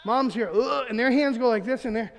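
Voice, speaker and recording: A man preaching in a church, his fairly high voice carrying a long hall reverb. He tells funny stories in an animated way, acting out the quotes and laughing along as he goes. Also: fast talker. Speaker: pastor. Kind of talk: humorous sermon storytelling. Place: church sanctuary.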